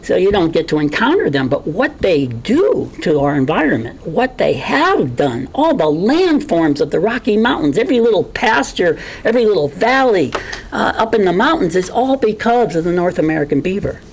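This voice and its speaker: A woman with an Idaho accent giving an earnest, impassioned candidate forum speech, halting at times with many fillers. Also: fairly low pitch, very animated, a little mellow, a little hiss or hum, rough recording.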